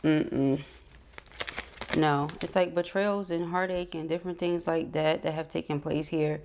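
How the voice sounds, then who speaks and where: A woman's voice: low voice, steady tone, unhurried, noisy background. A woman giving a casual, reassuring tarot reading who talks to the listener as beloved and honey. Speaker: tarot reader.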